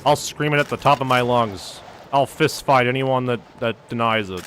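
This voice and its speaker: A man's voice: mid-range voice, moderate pace, a bit bright, a little hiss or hum. Profane ranting game streamer, man. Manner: profane, ranting, heavy use of "like". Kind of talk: casual gaming stream rant.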